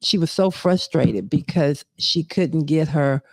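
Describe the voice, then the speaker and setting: A woman hosting a talk show, telling a personal story slowly, with frequent pauses and restarts. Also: sits low, animated, no echo. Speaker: host. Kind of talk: casual chat.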